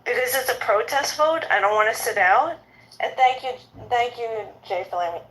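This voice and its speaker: A woman's voice: fairly high pitch, expressive, moderate pace, fairly bright tone, rough recording. A woman of fifty, agitated and indignant, giving an impassioned political rant in an audio chat room and repeating herself as she talks. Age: 50s.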